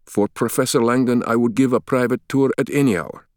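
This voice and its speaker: A man's voice: medium pitch, fairly even intonation, brisk, dry recording, studio quality, pitched above the performer's own voice, natural voice. A man voicing an eager, slight Turkish museum guide who speaks enthusiastically with a Turkish accent. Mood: enthusiastic. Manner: gushing, enthusiastic.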